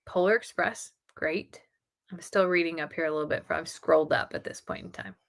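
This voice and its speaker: A middle-aged woman hosting a casual live stream, chatting excitedly with her viewers. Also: low-pitched, a little fast, creaky.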